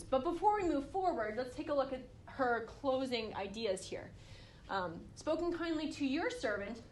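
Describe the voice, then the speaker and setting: Chatty, animated woman teaching Bible study. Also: on the high side, a little hiss or hum. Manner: chatty, animated, acts out quotes with lots of fillers.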